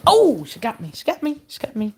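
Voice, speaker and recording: A woman's voice: fairly high pitch, huge pitch swings, a little fast, slight background noise. A woman breeding dogs, chatting casually on a livestream and teasing her puppies in a playful scolding way. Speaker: dog breeder hosting a livestream.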